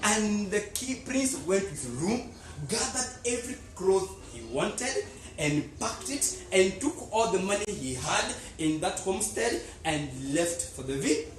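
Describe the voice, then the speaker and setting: A high-voiced male pastor tells a sermon story in a church. He swings between hushed asides and loud outbursts. The sound rings around an echoey hall with faint room hiss. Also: a little slow, hardly any pauses. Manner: animated, swings from low murmurs to loud exclamations. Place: church sanctuary.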